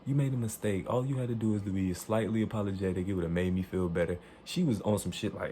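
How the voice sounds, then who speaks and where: Low, mellow-voiced man telling a heated story. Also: fairly even intonation, fast talker, hardly any pauses, a little hiss or hum. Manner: profane, emphatic, acts out quoted dialogue. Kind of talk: animated storytelling monologue.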